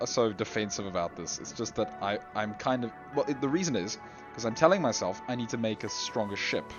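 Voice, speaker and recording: A man's voice: fairly low pitch, expressive, quick pace. A man commenting casually on his gameplay, rambling and chuckling at himself. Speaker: gameplay video host. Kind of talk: casual let's-play commentary. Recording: dull lo-fi audio with faint game music.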